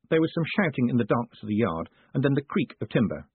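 Brief: male storyteller, hugely animated delivery, husky, phone-like dry sound. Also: lowish voice, brisk, dry recording. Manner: lively, dramatic storytelling. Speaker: audiobook narrator. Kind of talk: scripted narration.

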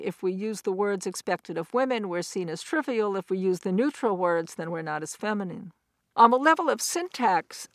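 A middle-aged woman giving a recorded academic lecture, explaining points step by step in a measured, clear way. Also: mid-range voice, no echo, clean studio sound. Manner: measured, explanatory, with quoted examples.

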